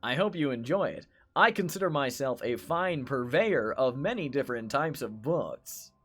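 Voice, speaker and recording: A man's voice: mid-range voice, lively intonation, normal speed, fairly bright tone. A man voicing a sinister, overly polite bookseller entity that speaks formally and menacingly. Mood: unctuous.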